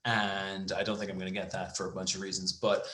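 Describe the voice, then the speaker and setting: Man, young adult, podcast co-host, casual chat, bright, echoey room. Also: sits low, level tone, fast. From Ireland. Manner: joking, swears freely, slips into silly voices.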